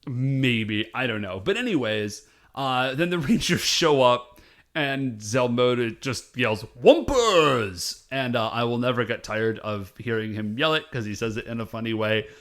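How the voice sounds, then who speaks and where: A man's voice: mid-range voice, normal speed, a bit bright. A man co-hosting a podcast, retelling a TV episode in a rambling, casual way with quoted asides. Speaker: podcast co-host. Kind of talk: casual episode recap chat.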